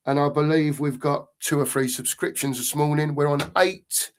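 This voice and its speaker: A man's voice: on the high side, steady tone, moderate pace. A middle-aged man talks loosely on a live fan stream and drifts between thoughts. He often stops to read out viewer comments, in an easy, rambling way. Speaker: fan channel co-host. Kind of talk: casual live-stream chat.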